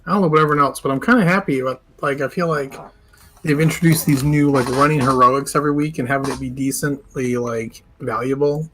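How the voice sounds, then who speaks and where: A man's voice: medium pitch, steady tone, fast talker, a bit bright, poor audio. A man chatting casually with his gaming guild, rambling with fillers. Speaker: guild member on voice chat.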